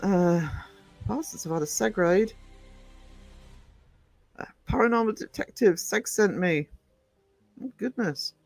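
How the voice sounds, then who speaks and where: High-voiced man chatting on a livestream. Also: animated, slow pace, gravelly, pauses often, a little mellow, no room sound, soft background music. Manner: chatty, affectionate, calls viewers sweetie and darling; scattered, frequent ums and trailing off while reading chat. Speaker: live streamer greeting viewers. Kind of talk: casual live-stream chat.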